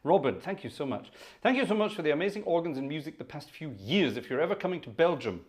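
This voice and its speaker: A man's voice: on the high side, fast. A man hosting a casual organ livestream from his upstairs room at home, chatting and joking with viewers. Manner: chatty, jokey, animated, thanks viewers by name. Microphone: room microphone.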